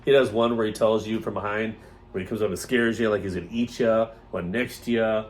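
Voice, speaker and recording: Rambling low-voiced man telling stories. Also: a little hiss or hum. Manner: rambling, animated, quick to mimic others' voices. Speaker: podcast co-host. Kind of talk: casual storytelling chat.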